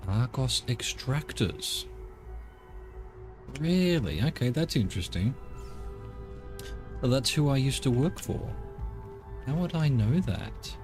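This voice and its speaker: A man's voice: medium pitch, lively intonation, takes it slowly, pauses often, darkish tone. A man playing a video game and commenting wryly, talking back to the characters. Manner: wry, sarcastic, talks back to characters. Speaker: gaming streamer. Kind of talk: let's play commentary. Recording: with game music behind.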